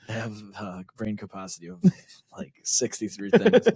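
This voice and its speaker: A man's voice: on the low side, sing-song, normal speed, darkish tone, breathy edge, dry recording. A man co-hosting a casual sports podcast, teasing his partner with dry jokes. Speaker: podcast co-host. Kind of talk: casual chat.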